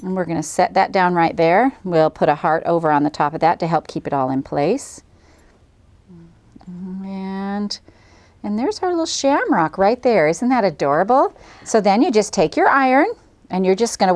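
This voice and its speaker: A woman's voice: on the low side, very animated, moderate pace, a little mellow. Woman, middle-aged, cheerful, chatty, folksy, craft tutorial host. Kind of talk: friendly craft demonstration.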